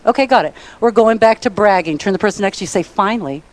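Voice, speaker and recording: A middle-aged woman giving an energetic, playful motivational seminar talk, bossing a conference audience into call-and-response. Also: mid-range voice, fast talker. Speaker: motivational speaker. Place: conference hall.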